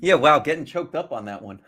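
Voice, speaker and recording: A man's voice: fairly high pitch, expressive, moderate pace, sharp tone, faint music behind. A man hosting a live trading stream, chatty and casual, asking rhetorical questions and greeting viewers as they join.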